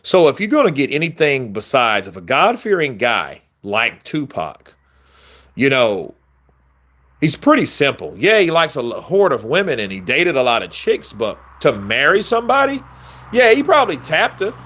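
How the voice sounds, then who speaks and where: A man rambles through a casual chat with his viewers, cursing freely and slipping into quick voices for other people. His pitch sits mid-range but swings in a lively way from line to line. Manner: loose, profane, rambling street talk; answers viewer questions, acts out quotes with voice shifts. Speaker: boxing commentary host.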